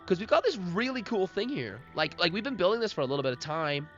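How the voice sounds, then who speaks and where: A man doing a gushing female swamp otter, flirty and eager, fairly high, dull lo-fi sound. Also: sing-song, quick pace, a bit bright. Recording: lo-fi stream with faint music.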